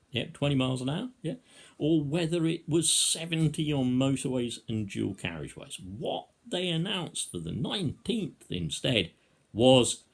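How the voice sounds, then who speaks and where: A man's voice: mid-range voice, creaky, breathy edge. A man giving a sarcastic, mock-rhetorical opinion monologue, stretching out words for emphasis.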